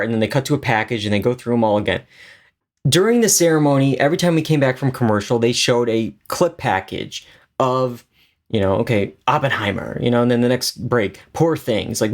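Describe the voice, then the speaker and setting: A man co-hosting a podcast in casual chat, retelling events in an animated way with lots of fillers and restarts. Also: mid-range voice. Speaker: podcast co-host.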